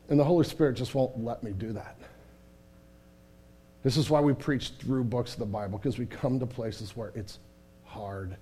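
A pastor delivers a sermon in a frank, conversational style, frequently restarting sentences and shifting from quiet and solemn to loud and lively. His voice is medium-pitched and a bit rough.

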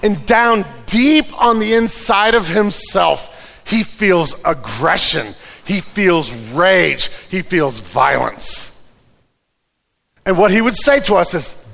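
A man preaching a sermon who drops to a hushed voice and then builds back up loud, repeating words as he restarts. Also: high voice, animated, measured pace, creaky. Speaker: pastor. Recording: reverberant hall.

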